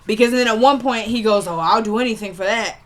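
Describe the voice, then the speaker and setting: A woman's voice: fairly high pitch, quick pace, fairly bright tone. A woman chatting casually as she recaps a TV episode, retelling scenes line by line with lots of "like" and "he goes.".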